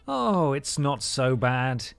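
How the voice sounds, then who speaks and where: A man doing a slow, coaxing storybook turtle. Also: medium pitch, sing-song, creaky, no room sound, faint music behind, heavily acted. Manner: slow, drawn-out, persuasive delivery. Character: smooth-talking, scheming male sea turtle. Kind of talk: storybook read-aloud on a livestream.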